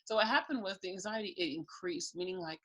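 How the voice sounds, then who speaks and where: A woman's voice: lowish voice, fast talker, a bit bright, rough recording. A young woman, a guest on an interview show, giving a frank and earnest personal testimony and laughing lightly between thoughts. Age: young adult.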